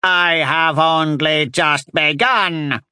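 Hateful old witch, vengeful, slow menacing shouts, pitched up high, a man putting her on. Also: little pitch movement, smooth, dry recording, studio quality, exaggerated voice.

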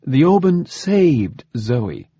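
A man doing a calm, sardonic scientist father. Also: medium pitch, drawn-out words, no echo, highs cut off, pitched above the performer's own voice, exaggerated voice. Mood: gentle, explaining. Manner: dry, smooth, faintly mocking.

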